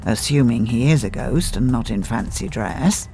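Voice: mid-range voice, lively intonation, normal speed, dark tone, soft background music, voice pushed down, natural voice. A narrator voicing a reserved British officer, speaking in a clipped, polite and understated way. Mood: measured.

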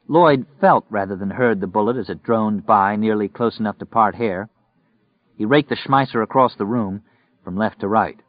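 A man reading a novel aloud in steady, measured scripted narration. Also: lowish voice, dry recording. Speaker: audiobook narrator. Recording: dry, muffled recording.

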